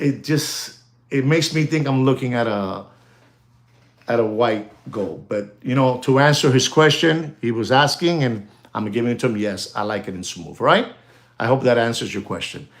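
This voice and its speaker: A middle-aged man hosting a live stream as a watch dealer. He talks straight to his viewers in an excitable, chatty way and drops in Spanish words. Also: mid-range voice. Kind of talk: casual livestream chat with viewers.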